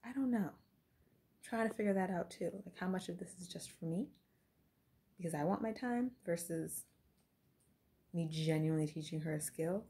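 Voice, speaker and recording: Young adult woman, gravelly low-toned voice, mellow, candid diary vlog, drifts into whispers. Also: moderate pace, long pauses. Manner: candid and reflective, often dropping to a whisper. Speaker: vlogger.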